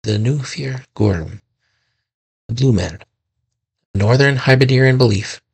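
Male host, solemn folklore narration, gravelly and husky tone. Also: medium pitch, a little mellow. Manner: slow, solemn storytelling with self-corrections. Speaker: podcast host.

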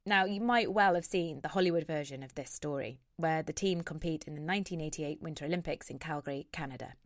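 A woman presenter reading a scripted introduction and interviewing a guest in a measured way. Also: low-pitched, dry recording, studio quality. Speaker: radio presenter.

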